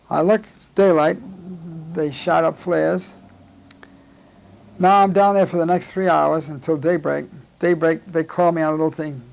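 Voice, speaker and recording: A man's voice: fairly high pitch, gravelly, a little mellow, husky, rough recording. A man in his nineties, a war veteran, telling a rambling oral history and acting out the dialogue he remembers. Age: 90s. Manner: rambling, acts out quoted dialogue.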